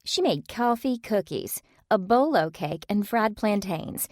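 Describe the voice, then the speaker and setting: A woman's voice: mid-range voice, lively intonation, measured pace, darkish tone, dry recording, studio quality, pitched above the performer's own voice. A woman reading the lines of an emotional, doting mother in a bible study group. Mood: proud. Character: warm motherly woman with daughters.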